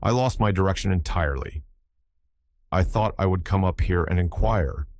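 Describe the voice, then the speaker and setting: A man's voice: sits low, normal speed, darkish tone. A male narrator voicing a foppish foreign man in his thirties, speaking with a marked foreign accent and over-polite, evasive manners. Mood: politely evasive. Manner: overly polite, feigning confusion.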